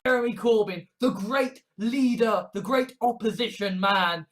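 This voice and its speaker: A man's voice: high-pitched, unhurried, few pauses, a bit bright. A man delivering a sarcastic, mocking ranting monologue, often stammering and repeating words. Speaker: online preacher.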